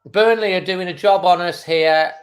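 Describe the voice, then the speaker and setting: Frustrated football fan commentating. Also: male voice, sits high, normal speed. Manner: frustrated running match commentary, exasperated outbursts. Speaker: football fan channel host. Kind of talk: live match watchalong reaction.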